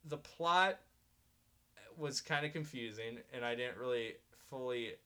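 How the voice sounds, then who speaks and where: A man's voice: mid-range voice, a little slow, bright, forceful tone, clean tone. A man co-hosting a podcast, chatting casually and rambling with many fillers and frequent laughs. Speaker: podcast co-host. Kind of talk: casual chat.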